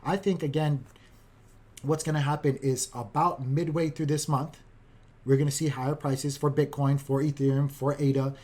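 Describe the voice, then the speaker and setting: A man, a father of a young child, giving a casual, upbeat market recap in quick, chatty commentary. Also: on the high side, little pitch movement, darkish tone. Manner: upbeat, keeps saying "guys", talks fast.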